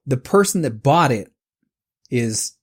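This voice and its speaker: A man in his forties co-hosts a casual podcast, rambling and ranting with heavy swearing and quick restarts. His voice is husky and mid-range, with lively intonation.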